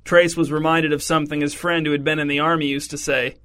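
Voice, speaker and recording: A man narrating a comic story in a wry, deadpan way. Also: fairly high pitch, fast talker. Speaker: audiobook narrator.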